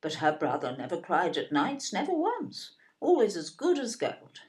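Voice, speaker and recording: Fretful older grandmother, lilting and very lively, lowish voice for a radio play. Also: moderate pace. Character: fretful grandmother, older woman, worrying over family.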